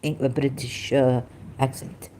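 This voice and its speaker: A woman's voice: a bass voice, little pitch movement, unhurried, dark tone, slight background noise. A woman with a Persian accent, speaking in broken English, hosts a rambling religious commentary live stream and often halts and interrupts herself.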